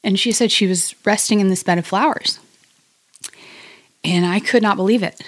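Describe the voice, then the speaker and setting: A middle-aged woman, a podcast guest, speaking reflectively and haltingly in a personal conversation. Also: mid-range voice, no room sound. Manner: reflective, halting, with many fillers and restarts. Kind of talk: personal conversation about grief.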